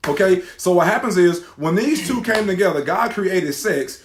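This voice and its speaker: A middle-aged man co-hosting a faith talk show, loud and animated, preaching in casual talk. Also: high-pitched, moderate pace, slight background noise. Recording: roomy echo.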